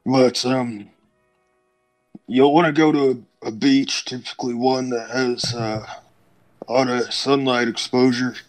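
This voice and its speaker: A man's voice: medium pitch, fairly even intonation, measured pace, soft background music, close to an everyday voice, rough recording. A man voicing an elderly male otter alchemist with a long white beard, speaking in a mild, plainspoken way during a tabletop game. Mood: courteous. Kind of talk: tabletop role-play voice.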